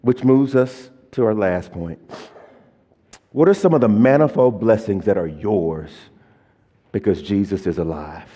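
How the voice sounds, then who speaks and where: A middle-aged man, a pastor preaching a sermon and swinging between quiet, low passages and loud, emphatic lists. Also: unhurried. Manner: preaching with rising and falling intensity, stressing word lists. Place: church sanctuary. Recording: long church hall reverb.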